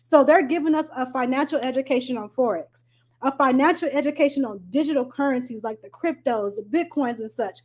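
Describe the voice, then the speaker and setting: A woman on an online call giving an excited, chatty sales pitch, full of fillers. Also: brisk. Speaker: presenter on a business call.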